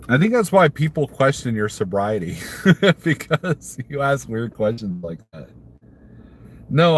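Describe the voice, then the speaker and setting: Chatty trucker man from Missouri. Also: mid-range voice. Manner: rambling and chuckly, laughs at his own jokes. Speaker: trucker livestreamer. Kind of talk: casual live-stream chat answering viewer comments.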